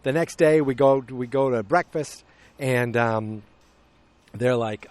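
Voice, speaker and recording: Male podcast host, casual rambling recap, mid pitch. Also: unhurried, a little mellow, no echo. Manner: rambling, restarts, acts out characters' lines.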